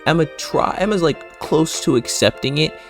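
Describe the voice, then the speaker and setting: A man's voice: a little high, animated, normal speed, soft background music. Rambling, profane young-sounding man. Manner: rambling, profane, laughs often. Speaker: video creator. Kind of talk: casual rambling show recap.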